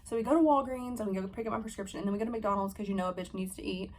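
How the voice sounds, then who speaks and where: A young woman in her twenties telling a story to camera in a fast, profane, animated vlog style, acting out her own heated lines. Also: medium pitch, slight background noise. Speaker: vlogger. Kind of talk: storytime vlog, casual chat.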